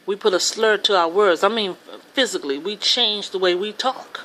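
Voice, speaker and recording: A woman's voice: mid-range voice, brisk, hardly any pauses, sharp tone, poor audio. A woman vlogger giving a rambling, impassioned opinion monologue in a casual way. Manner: rambling, impassioned social commentary.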